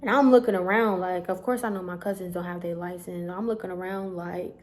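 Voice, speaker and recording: A young woman, telling a storytime vlog straight to her viewers in an animated, chatty way. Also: fairly low pitch, quick pace, hardly any pauses. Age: young adult. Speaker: vlogger.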